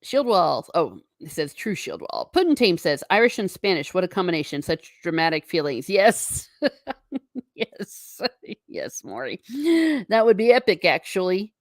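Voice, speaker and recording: A woman's voice: on the low side, big pitch swings, normal speed, no echo, clean studio sound. A woman hosting a live stream, chatting casually and reading viewer comments aloud with frequent laughs. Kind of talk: casual chat. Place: home.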